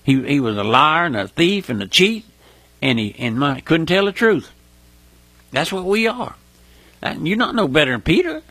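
A man preaching a sermon in a folksy, emotional way, often breaking into high pleading cries. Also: sing-song, moderate pace, fairly bright tone. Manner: folksy, repeats "my friend" and "listen".

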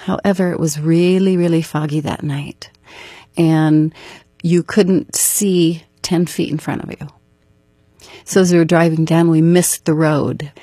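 A woman's voice: sits low, mellow, dry recording. A middle-aged woman telling her story as an interview guest, recounting events earnestly and step by step. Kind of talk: personal storytelling.

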